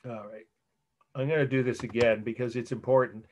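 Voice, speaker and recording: Brief: male art history instructor, mid-pitched, casual halting delivery, video call audio. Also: fairly even intonation, a little mellow, slight background noise. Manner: conversational, halting, with restarts and asides. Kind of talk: online lecture. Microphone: computer mic on a video call.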